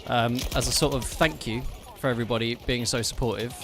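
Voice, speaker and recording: A man's voice: medium pitch, steady tone, fairly quick, over music. A man chatting playfully with his viewers while streaming gameplay, teasing and thanking them in a loose, talkative way. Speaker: game streamer. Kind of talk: live gameplay commentary and chat. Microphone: streaming microphone.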